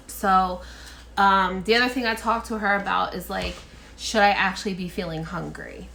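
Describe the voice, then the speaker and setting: A chatty woman vlogger recounting a doctor's appointment in a loose, talkative way, her speech peppered with "like." Her mid-range voice carries a gravelly, fry-tinged texture. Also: mid-range voice, steady tone, normal speed, pushed and bright, slight background noise. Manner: talkative, many "like" fillers. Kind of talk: casual chatty retelling of a doctor visit.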